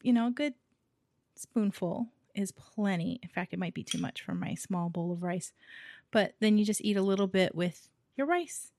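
A woman's voice: mid-range voice, normal speed, a little mellow, slight background noise. A woman from Hawaii co-hosting a casual chat, talking freely with fillers and frequent laughter. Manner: chatty, laughs often, trails off with fillers. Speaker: podcast co-host.

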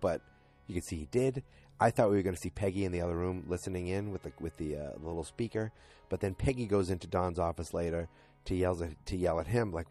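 A man with a deep, slightly husky voice casually recaps a TV episode, wandering through scenes and quoting characters with lots of "you know" and "like". Faint music sits underneath his talk. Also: fairly quick, a little mellow. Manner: rambling retelling full of fillers and "he's like". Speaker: podcast host recapping a TV episode.

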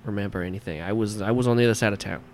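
A man voicing an irritable male cab driver who talks flat and sarcastic. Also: fairly low pitch, very fast, a little hiss or hum, close to an everyday voice. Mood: sullen.

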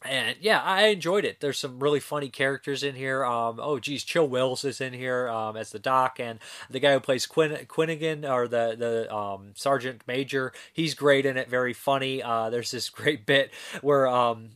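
Man host, relaxed unscripted film review, rambling and chatty, mid-range voice. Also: medium pitch, moderate pace, few pauses. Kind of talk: casual spoken film review.

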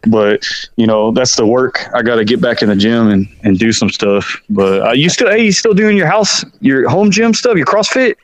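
A man's voice: medium pitch, lively intonation, moderate pace, no echo, poor audio. A man in his forties, a podcast guest, talking in a brash, profane, boastful way in casual chat.

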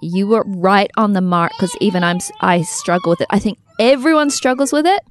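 A woman co-hosting a casual podcast, bubbly and enthusiastic, quick to tease her co-hosts. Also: mid-range voice, animated, slight background noise. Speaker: podcast co-host. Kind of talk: casual chat.

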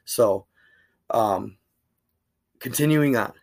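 A man's voice: medium pitch, moderate pace. A man reading a diary aloud in a plain way, stopping now and then for casual asides of his own.

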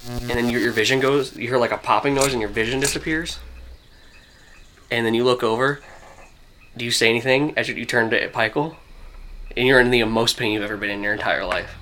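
A man's voice: medium pitch, a little fast, long pauses, sharp tone, a little hiss or hum. A man narrating as game master of a tabletop role-playing game, casual and vivid, with many filler words.

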